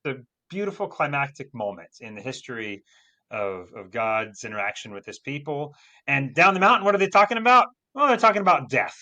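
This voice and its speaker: A man co-hosting a Bible lesson, explaining in a casual, animated way with emphatic stress. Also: mid-range voice, a little fast. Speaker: Bible teacher co-host. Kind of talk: casual teaching discussion.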